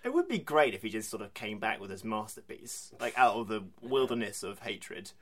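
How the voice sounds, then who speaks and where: A man co-hosting a casual film podcast, easygoing and quick to laugh. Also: fairly low pitch, very animated, a bit bright, slight background noise. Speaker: podcast co-host.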